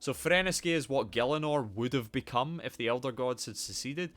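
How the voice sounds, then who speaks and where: A man's voice: mid-range voice, moderate pace, a bit bright, soft background music. A man streaming a game live, commenting casually in a rambling, sweary way.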